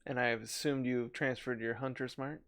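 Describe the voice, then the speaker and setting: A man's voice: mid-range voice, fairly even intonation, brisk, fairly bright tone, dry recording, studio quality. A man narrating as game master of a tabletop game, chatty, laughing often and stumbling over repeated words.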